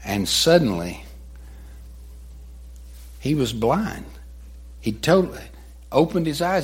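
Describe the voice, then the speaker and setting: Slow, husky male preacher. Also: a little high, big pitch swings. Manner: dramatic, retelling with voiced quotes. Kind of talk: sermon storytelling.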